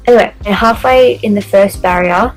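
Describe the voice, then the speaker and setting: Over soft background music on a low-quality recording, a young woman with a medium-pitched voice talks fairly quickly through a casual story-time vlog. She's chatty, swears a lot, and acts out the dialogue of the people in her story.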